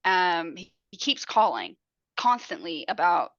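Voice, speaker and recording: A woman's voice: on the low side, big pitch swings, a little slow, fairly bright tone, no echo, highs cut off. A woman podcast host casually recapping a crime movie in a chatty, profane way.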